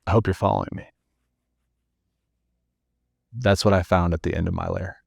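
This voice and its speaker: A man's voice: deep voice, fairly even intonation, normal speed, creaky, husky, no room sound, studio quality. A man hosting a podcast, telling a reflective story in the second person, earnest and casual with some swearing. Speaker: podcast host.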